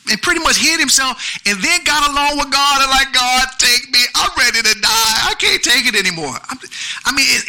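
A pastor preaching an animated sermon with features, calling out to the congregation. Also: male voice, very high-pitched, rough recording. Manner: animated preaching with call-and-response asides.

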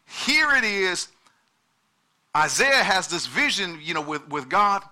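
A man's voice: high-pitched, animated, slow, bright, forceful tone. A middle-aged man preaching a sermon, emphatic and repeating his words as he calls out to the congregation. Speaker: pastor.

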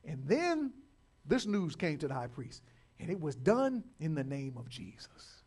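A man preaching a sermon, repeating words and building to loud calls to his listeners. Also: a little high, very animated, a little slow, slightly rough. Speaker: pastor.

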